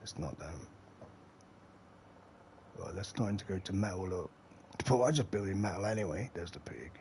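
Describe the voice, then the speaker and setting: Middle-aged man, low voice, rambling live-stream gamer chat with casual swearing, faint ambience behind him. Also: animated, normal speed, darkish tone, slight background noise. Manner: rambling and chatty, swears freely, talks to the chat.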